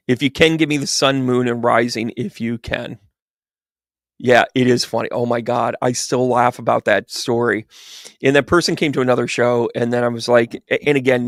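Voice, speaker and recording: A man with a medium-pitched, creaky voice speaks at a normal pace, recorded clean in a studio with no room sound. He works as a medium and chats his way through a livestream tarot reading. As an animated storyteller, he acts out the quoted voices in his tales.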